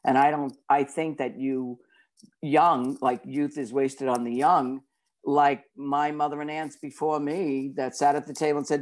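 A woman from Brooklyn, a psychic and author telling her story in an interview, talking fast and acting out quotes. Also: deep voice, a little mellow. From Brooklyn, New York.

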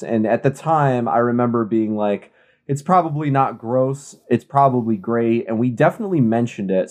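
Goofy young male co-host, bouncy animated delivery. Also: medium pitch. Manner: playful, goofy bits and interjections. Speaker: podcast co-host. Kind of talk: casual beer review chat.

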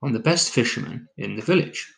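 Proud, contented fisherman read by a man in a parable reading; mid-pitched, nearly his own voice. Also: animated, brisk, vocal fry, a bit bright. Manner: plain storybook reading of quoted lines.

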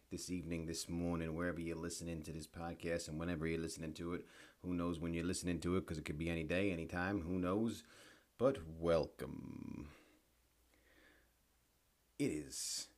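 A man's voice: low-pitched, normal speed. A man hosting his own podcast alone, chatting in a rambling way and talking to his listeners as if they answered. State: tired after a long workday. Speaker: podcast host. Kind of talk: casual solo podcast monologue.

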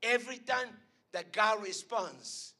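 A man preaching a sermon at an evening church service, swinging between loud emphatic calls and hushed lines. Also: sits high, slow pace.

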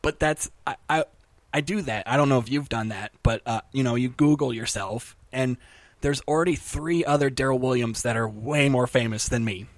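A man chatting on a comedy podcast, quick to laugh and trailing off into restarts. His pitch sits in the middle of the male range, and the sound is close and dry with no room echo. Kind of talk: casual podcast chat.

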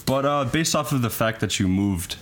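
A man's voice: medium pitch, expressive, moderate pace, fairly bright tone, slight background noise. A young man with a Canadian accent, co-hosting a podcast in a laid-back, laughing way and asking questions. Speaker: co-host. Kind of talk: casual podcast chat.

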